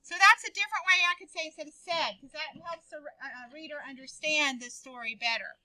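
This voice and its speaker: A woman teaches young writers, calling on each child by name with encouragement. Her voice sits high and rings very bright. The sound is dry and close. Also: fairly quick, no room sound, rough recording. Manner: encouraging, calls on students by name. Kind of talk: classroom writing lesson.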